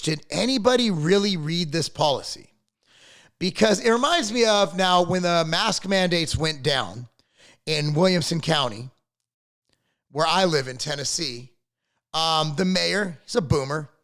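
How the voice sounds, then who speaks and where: A man's voice: fairly high pitch, expressive, moderate pace, a bit bright. A middle-aged man hosting his own channel, ranting to camera in a blunt, profane, rambling way and repeating his words. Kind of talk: casual opinion rant to camera.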